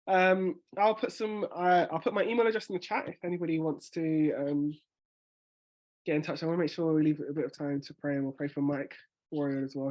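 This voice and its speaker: Man, slightly higher voice, quick casual teacher on a video call, lots of self-corrections. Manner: fast talker with restarts. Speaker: spoken word workshop leader.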